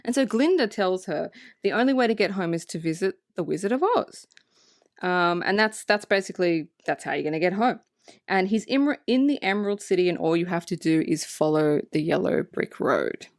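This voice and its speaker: Animated, foul-mouthed woman podcaster. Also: on the low side, moderate pace, no room sound, studio quality. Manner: animated, swears freely, laughs often. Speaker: podcast co-host. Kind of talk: casual movie-review chat.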